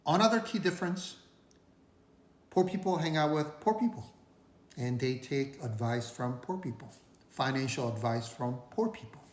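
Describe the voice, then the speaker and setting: A man's voice: medium pitch, animated, normal speed. A man casually talking to camera, giving personal finance advice in an earnest, conversational way with emphatic repetitions. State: recovering from illness. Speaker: finance vlogger. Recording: roomy echo.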